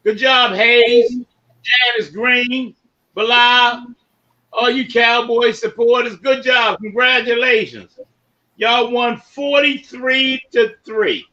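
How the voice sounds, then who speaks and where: Playful high-voiced male sports podcaster. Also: takes it slowly, muffled recording. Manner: loose, playful, shouts out listeners by name. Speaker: podcast host. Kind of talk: casual sports talk.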